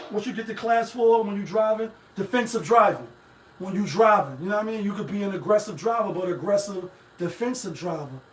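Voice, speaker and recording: A man with a high-pitched voice holds forth on his live stream in loose, rambling commentary. He swears freely and talks straight to his viewers. His voice bounces around an echoey room from a mic set some way off. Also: far from the mic, slight background noise. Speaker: live-stream show host. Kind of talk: casual commentary.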